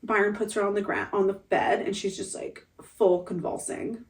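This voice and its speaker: A woman's voice: mid-range voice, fairly even intonation, moderate pace, recorded from a distance. A young woman telling an emotional family story in a vlog, talking casually with many fillers and restarts.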